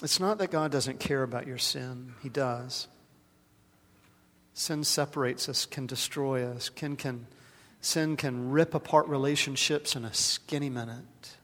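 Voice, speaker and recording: A male pastor preaching a sermon, moving from loud, stressed phrases to quiet, hushed ones and doubling words when he gets stirred. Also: mid-range voice, unhurried. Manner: dramatic, swings from loud emphasis to hushed softness. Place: large worship hall. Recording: long hall reverb in a worship space.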